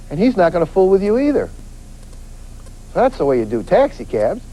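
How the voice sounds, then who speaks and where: Speaking fast over poor audio, this male detective delivers an animated safety lecture on preventing crime. He acts out scenes in quoted voices and repeats key points emphatically, his rather high voice staying warm and mellow.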